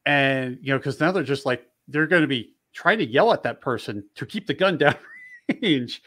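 A man's voice: mid-range voice, animated, moderate pace, fairly bright tone, dry recording. Casual, rambling man. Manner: casual, rambling, self-correcting. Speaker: firearms dealer. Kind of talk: casual podcast conversation.

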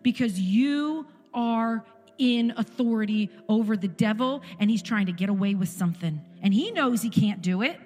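Woman, forties, church testimony, impassioned, rhetorical questions, reverberant hall, soft music. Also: on the high side, expressive, normal speed. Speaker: church speaker giving testimony. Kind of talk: sermon testimony.

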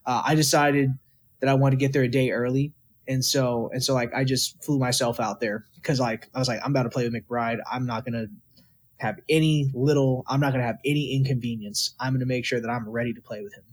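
A man's voice: medium pitch, a little fast. A young man from Texas, a guest musician, telling stories casually in an interview and acting out what people said. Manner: animated, quotes people in lively voices.

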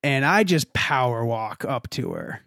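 A man's voice: unhurried, vocal fry, no room sound. A young man in casual chat, telling a story with lots of energy and acting out the voices of other people. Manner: animated storyteller, acts out quoted voices with big pitch jumps. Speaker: podcast co-host telling a story.

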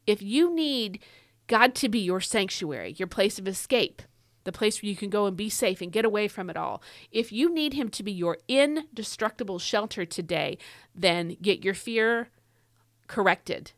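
A woman's voice: mid-range voice, animated, normal speed, no room sound. A woman hosting a devotional podcast, teaching Scripture in an earnest, emphatic way and repeating her key phrases. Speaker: podcast host.

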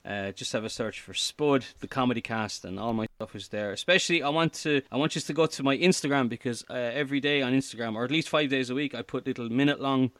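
A man in his thirties, a podcaster talking as an interview guest, animated, with lots of fillers and restarts. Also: mid-range voice, fast, hardly any pauses, no echo. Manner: animated, repeats words, frequent fillers and restarts. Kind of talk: casual interview chat.

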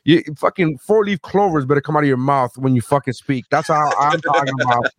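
A man's voice: fairly high pitch, brisk, slight background noise. A man hosting a casual podcast, rambling and joking with lots of swearing. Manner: profane, rambling, joking rants. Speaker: podcast host.

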